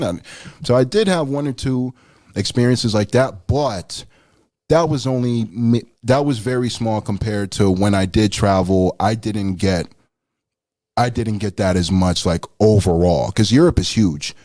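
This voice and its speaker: A man's voice: animated, normal speed, a little mellow, no echo. A young man who is a guest rapper, chatting casually on a call-in radio show, laid-back and swearing freely. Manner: laid-back, swears freely, squeals high when acting out his own surprise.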